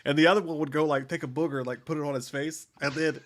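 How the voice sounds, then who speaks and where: A man co-hosting a movie podcast, chatting casually as an excitable, profane storyteller. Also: on the high side, fast talker. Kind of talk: casual chat.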